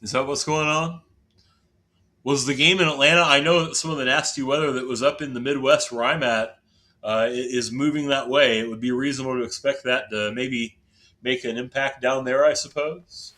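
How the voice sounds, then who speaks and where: A man's voice: mid-range voice, steady tone, moderate pace, sharp tone. Chatty Midwestern man streaming a game. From southern Indiana, USA. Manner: chatty, self-deprecating, talks to chat viewers. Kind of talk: casual live-stream commentary while gaming.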